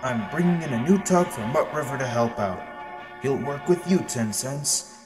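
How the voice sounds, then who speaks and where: A man doing a booming harbor captain. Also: animated, normal speed, roomy sound, big-room sound, music in the background, lightly acted. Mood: booming, excited. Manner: booming through a megaphone. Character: booming middle-aged male harbor captain, proud fleet owner.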